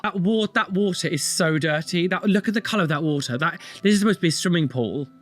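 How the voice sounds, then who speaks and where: A man in his thirties with a fairly high voice reacts to online videos in a casual, exasperated way. He stumbles, restarts and repeats words for emphasis. Faint music plays behind him. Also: fast talker. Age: 30s.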